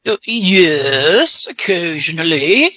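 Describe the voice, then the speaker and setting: A woman appears as the mystery guest on a radio guessing game, using a put-on English accent in a deep, bright and forceful voice whose pitch swings widely. She speaks slowly and haltingly, trailing off into many fillers. The recording is dry and close with no room sound.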